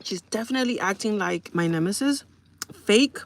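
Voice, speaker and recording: A woman chatting live to her viewers, her voice carrying a steady gravelly fry. She vents in an exasperated, casual way and keeps turning to the audience to ask if they follow her. She sits in the middle of the usual pitch for a woman. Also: moderate pace, a little hiss or hum. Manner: exasperated, venting with repeated asides to the audience. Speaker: live streamer. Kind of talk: casual storytelling rant to viewers.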